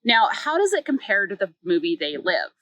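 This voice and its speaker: A woman retells a short story's plot in a loose, chatty way. She fills her sentences with filler words and slips into little acted quotes. Her voice sits at a middle pitch, and the recording is dry and close. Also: sing-song, normal speed, sharp tone, no echo, dull audio. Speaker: book reviewer. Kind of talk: casual story recap.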